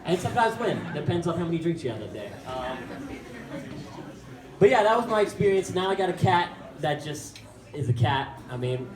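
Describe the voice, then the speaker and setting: A young man in stand-up mode with a slightly high voice, rambling through his story with lots of fillers and self-mocking asides. He sounds far off in an echoey room, with a crowd audible behind him. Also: big pitch swings, moderate pace. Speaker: stand-up comic.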